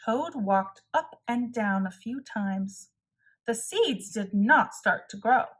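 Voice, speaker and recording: A woman reads a children's storybook aloud in a very slow, deliberate way. Her voice sits somewhat high, and she lets each phrase land clearly. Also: animated. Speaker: narrator.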